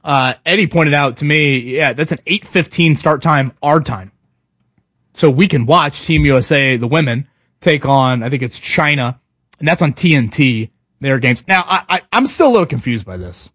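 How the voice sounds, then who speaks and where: A man hosting a morning sports talk show in casual chat, emphatic and animated, restarting his sentences often. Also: fairly high pitch, moderate pace, no room sound.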